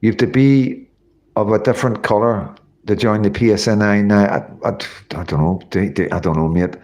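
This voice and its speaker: Reading viewer comments on a relaxed livestream, a middle-aged man from Northern Ireland rambles, curses freely and leans on plenty of fillers. His voice sits low with a darkish tone, and he keeps a moderate pace and fairly steady intonation.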